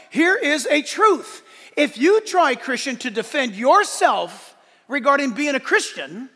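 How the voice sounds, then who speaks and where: A man as pastor delivering a sermon, animated and emphatic, swinging between shouts and soft asides. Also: extremely high pitch, takes it slowly, pauses often. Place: church sanctuary. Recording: large hall with long reverb.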